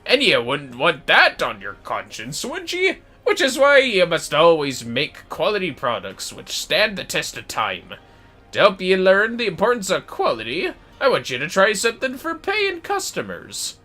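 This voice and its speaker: A man voicing a hearty, bossy older male craftsman with a loud, put-on brogue, reading game dialogue aloud. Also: high-pitched, wildly swooping pitch, moderate pace, faint music behind, voice pushed up, full character voice. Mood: lecturing.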